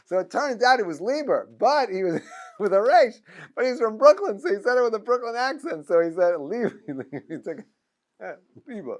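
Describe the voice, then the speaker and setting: A man's voice: extremely high pitch, a little fast. A middle-aged man giving an informal class as a rabbi, telling stories with frequent restarts and chuckles. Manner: animated storyteller, many restarts and chuckles. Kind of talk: informal lecture with anecdotes.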